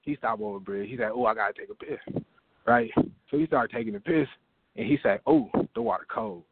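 Gravelly man telling a comic story by phone. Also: mid-range voice, brisk, no room sound. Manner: animated, acts out voices in his story. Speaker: open mic comedian calling in. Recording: tinny phone line.

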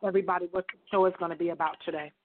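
A woman co-hosts a faith talk radio show, talking warmly and quickly as she affirms her partner. Her voice sounds thin and narrow, carried over a phone line. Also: on the low side, fairly even intonation. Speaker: co-host.

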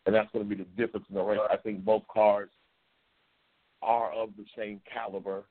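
A man hosting a casual live-stream chat, loose and excitable, repeating himself and reading viewer comments. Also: fairly quick, slightly rough. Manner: loose, excitable, repeats himself, bursts into high-pitched race calling. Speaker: talk show host reading viewer comments. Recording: tinny phone-like lo-fi audio.

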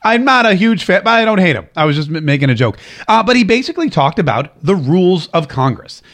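A man's voice: high voice, very animated, fast talker, a bit bright. A male talk radio host delivering a political monologue, sarcastic and emphatic, repeating phrases for effect.

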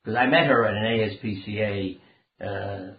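A man's voice: on the low side, normal speed, a little hiss or hum. An older man, a doctor and author, earnestly telling rambling personal anecdotes as an interview guest. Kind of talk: conversational storytelling interview. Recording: phone-like line in a roomy space.

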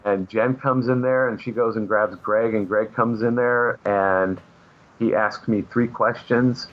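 A man with a fairly low voice tells long, meandering anecdotes as a guest in a casual interview. He leans on fillers and restarts as he goes. The recording is dull and muffled. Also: fairly even intonation, measured pace. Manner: rambling anecdotes with many fillers. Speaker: comic book artist guest. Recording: muffled lo-fi audio.

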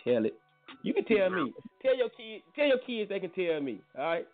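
A man hosting a morning radio show, talking in loose, slangy, joking banter that jumps up in pitch when he gets excited. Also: moderate pace. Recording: tinny phone-like sound with faint music.

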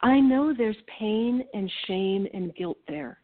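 A woman co-hosting a reflective conversation, earnest and animated, laughing often as she talks. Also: medium pitch, slow pace. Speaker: co-host. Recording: tinny phone-like line.

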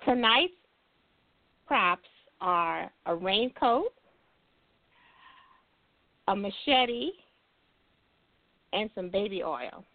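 A woman co-host speaking in an unhurried, encouraging way as she hosts a casual chat. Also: mid-range voice, lively intonation, no room sound. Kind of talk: casual talk show hosting. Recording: dry tinny phone-like line.

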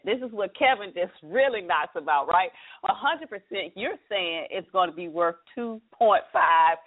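A middle-aged woman hosting a live talk radio show, upbeat and chatty as she promotes the show and explains business math. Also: lowish voice. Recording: phone-like narrow band radio audio.

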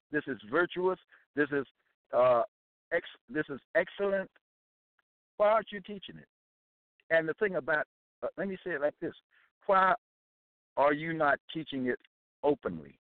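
A man's voice: a little high, no room sound. A man giving an emphatic, preaching-style monologue as an author and Bible commentator, insistent and repetitive. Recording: dry, phone-like narrow sound.

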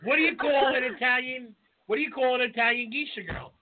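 A man's voice: extremely high pitch, fairly even intonation, fairly quick, crowd noise. A man co-hosting a podcast, telling jokes in casual chat. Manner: joking, punchline-driven. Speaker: podcast co-host. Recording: tinny phone-like sound, clear hiss.

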